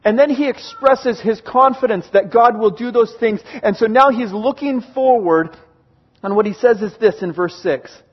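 A man giving a sermon, retelling a scripture story in a lively, animated way and briefly acting out its characters. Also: high voice, breathy edge, dull audio. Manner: animated, acts out characters in quick bursts. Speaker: pastor.

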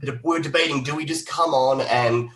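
A man from Australia, a podcast guest in casual chat, animated and laughing often. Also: medium pitch, normal speed. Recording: roomy echo, faint noise.

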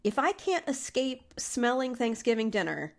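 A woman's voice: a little high, very animated, normal speed. Nasal congested woman on a podcast, casual chat, swears a bit, laughs a lot. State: congested, intermittent coughing. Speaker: podcast co-host, therapist.

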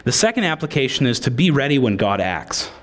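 A man's voice: mid-range voice, big pitch swings, brisk. A man preaching a sermon as pastor, conversational and joking.

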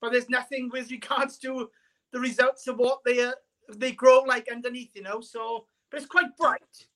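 Bright-voiced Welsh man, rambling. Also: extremely high pitch, steady tone, normal speed. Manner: rambling, hesitant, with lots of fillers. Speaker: caller. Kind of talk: casual chat.

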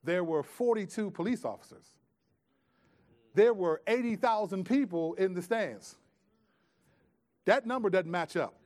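A man preaching a sermon in a conversational way, swinging from loud, pressing emphasis to hushed, quiet asides. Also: high voice, animated, a little slow, pauses often. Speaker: pastor.

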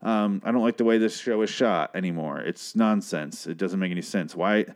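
A man's voice: deep voice, moderate pace. A man casually recapping a TV episode, rambling, sarcastic and full of swearing.

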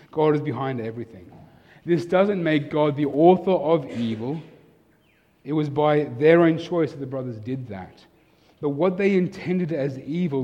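A pastor delivering a sermon, swinging from emphatic, raised passages to soft, intimate ones. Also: male voice, on the high side. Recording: long hall reverb.

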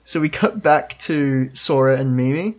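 A man's voice: medium pitch, animated, darkish tone. A man in casual chat, recapping a cartoon episode with friends, laughing often and quoting characters. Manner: laughs often, quotes characters in quick put-on voices. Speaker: podcast co-host.

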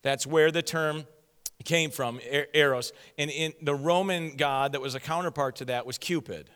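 A man delivers a sermon with a bright, crisp, smooth voice pitched somewhat high. He is playful, teasing the congregation and laughing at his own jokes. His voice carries a long reverb, as if he were in a large church hall. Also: normal speed. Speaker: pastor. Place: church sanctuary.

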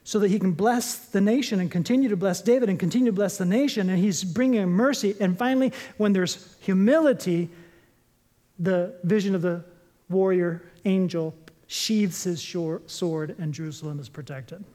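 A man's voice: high-pitched, normal speed. Guy preaching a sermon, punchy repeated points, jokey asides. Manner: lively, jokey storytelling preacher; emphatic repetition of short points. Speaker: pastor.

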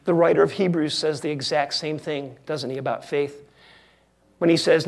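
A male pastor preaching a sermon in a wry, conversational way with emphatic pauses. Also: fairly high pitch, fairly even intonation, creaky.

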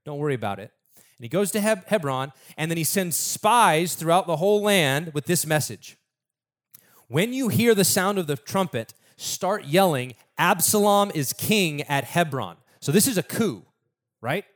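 A man's voice: high-pitched, lively intonation, measured pace. A man preaching a sermon in a casual, conversational storytelling way, acting out the people in the story.

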